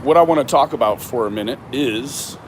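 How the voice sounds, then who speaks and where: Male vlogger, mid-pitched, unhurried and filler-heavy, phone mic on a noisy street. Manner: slow and rambling, many ums. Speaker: live-streaming vlogger. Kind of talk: casual live-stream chat. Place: outdoors and in a store.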